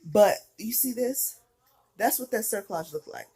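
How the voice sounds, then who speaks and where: A woman's voice: medium pitch, lively intonation, a little slow, over a noisy crowd. A heavily pregnant young woman, out of breath, telling a personal story in a chatty, candid way full of fillers. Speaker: vlogger.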